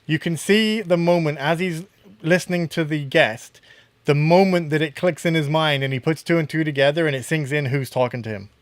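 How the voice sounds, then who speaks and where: A man from Canada co-hosting a casual podcast, enthusiastic and teasing, with quick agreements. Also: a little high, no room sound. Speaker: podcast co-host.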